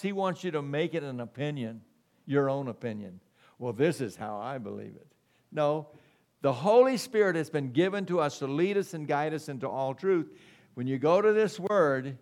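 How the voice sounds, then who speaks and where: A middle-aged man preaching a sermon as pastor, emphatic and calling for "amen" from the congregation. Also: a little high. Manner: slow, emphatic preaching with call-and-response "amen".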